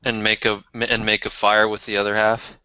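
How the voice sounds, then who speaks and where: Bright, smooth man, teasing. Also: fairly low pitch, monotone, normal speed. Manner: teasing, joking. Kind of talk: casual chat on a video call. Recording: dull lo-fi video call audio.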